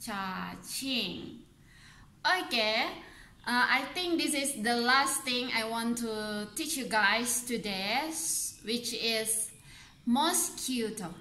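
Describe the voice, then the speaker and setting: A young woman teaching animal names in a casual lesson, mixing English and Malay, slowly repeating each word and laughing at herself now and then. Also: fairly high pitch, lively intonation, pushed and bright, reverberant. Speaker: language teacher on a video channel.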